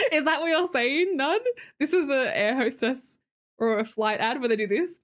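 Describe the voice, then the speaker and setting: A woman's voice: high voice, normal speed. A young Australian woman chatting casually as a streamer, reading viewer comments aloud and joking around with a teasing, chatty manner. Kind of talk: casual chat with live viewers.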